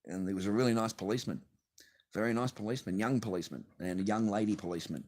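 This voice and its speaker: A man's voice: lowish voice, racing, darkish tone. An Australian man vlogging from his garage, telling a rambling, swear-filled story with bursts of laughter. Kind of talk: casual profane rant to camera. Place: home garage.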